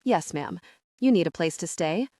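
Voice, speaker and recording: A woman's voice: fairly low pitch, expressive, normal speed, mellow, no room sound, studio quality, natural voice. A woman voicing a loyal, blunt female coworker with a Southern US accent in an audiobook. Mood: concerned.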